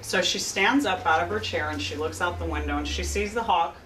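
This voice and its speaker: A woman counselor giving an anecdotal talk to an audience, telling a lively story and acting out both sides of a conversation. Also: lowish voice, brisk, a little hiss or hum. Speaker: clinical director and counselor. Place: open house event, indoor room. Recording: roomy sound picked up from a distance.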